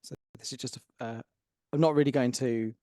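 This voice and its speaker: A man's voice: mid-range voice, fairly even intonation, fairly quick, dry recording, clean studio sound. A man playing a tabletop game, laying out his character's move in a matter-of-fact way. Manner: matter-of-fact, plans moves out loud. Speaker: player.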